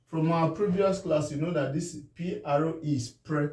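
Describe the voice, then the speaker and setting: A man with a Nigerian English accent gives a spelling lesson, slowly stretching words into syllables and checking whether it is clear. His voice sits a bit high but sounds mellow. It is heard from a distance in an echoey room. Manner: checks in often, asking if it is clear; drawn-out syllable-by-syllable pronunciation. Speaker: teacher.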